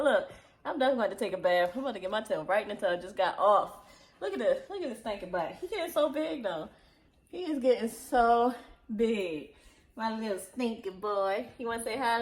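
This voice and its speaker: A woman vlogging casually at home, playful and laughing often as she baby-talks to her dogs. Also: fairly high pitch. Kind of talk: casual vlog chat.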